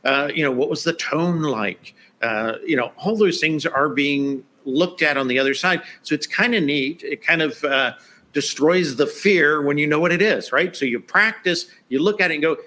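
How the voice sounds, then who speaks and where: A man's voice: a little high, normal speed, pushed and bright. A man guest on a podcast interview, talking casually with lots of "you know" and "right?". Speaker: guest expert.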